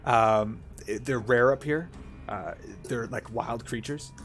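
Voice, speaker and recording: A man's voice: medium pitch, slow, soft background music. A Canadian man hosting a let's play, chatty and self-mocking as he plays.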